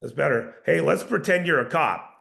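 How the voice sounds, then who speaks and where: A man leading a live sales training, coaching with lots of rhetorical questions and energetic restarts. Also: on the high side, normal speed, creaky.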